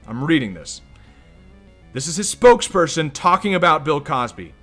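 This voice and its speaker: A man's voice: on the high side, very animated, normal speed, a bit bright, faint music behind. A young man hosting a let's play, rambling and incredulous in casual game commentary.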